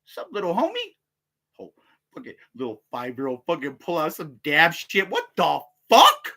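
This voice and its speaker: Laughing, rambling man with lively pitch. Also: normal speed, vocal fry. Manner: laughing, profane, meandering with many fillers. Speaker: vlogger. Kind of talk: casual rambling storytelling.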